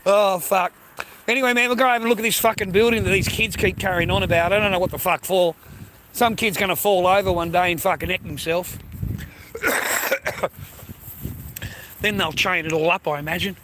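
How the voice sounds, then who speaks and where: He has a high voice, fairly even in intonation and normal in speed, but broken by long pauses. This Australian vlogger wanders through a loose monologue to his phone while walking, freely swearing and saying mate and bro, with noise in the background.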